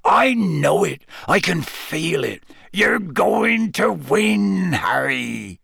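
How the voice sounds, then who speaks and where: A man voicing a huge, gruff, kindly male gamekeeper, speaking slowly with a growl, in a storybook reading. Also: high voice, very animated, fairly bright tone, dry recording, studio quality, pitched above the performer's own voice, exaggerated voice. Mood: encouraging. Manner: slow, growling.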